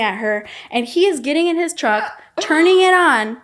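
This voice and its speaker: A young woman with a fairly high voice tells her story as a podcast guest. She is blunt, swears freely and gets heated as she recounts what happened. She talks candidly. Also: animated, normal speed, a bit bright.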